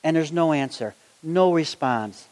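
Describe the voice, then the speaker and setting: A man preaching a sermon, reading Bible verses aloud and acting out the story in lively voices. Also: on the high side, unhurried. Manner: animated, acts out the story in voices. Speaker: gospel magician preacher. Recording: long hall reverb.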